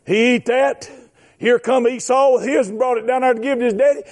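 A man preaches a fervent sermon. His voice sits very high for a man, and he shouts and stretches out his emphatic lines. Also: fairly even intonation, brisk.

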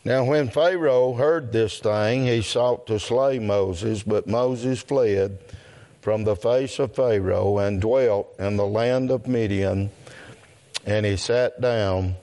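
Slow, low-voiced preacher reading scripture. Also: male voice, warm tone. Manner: slow, deliberate reading with long pauses, throat clearing. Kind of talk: scripture reading in a church service.

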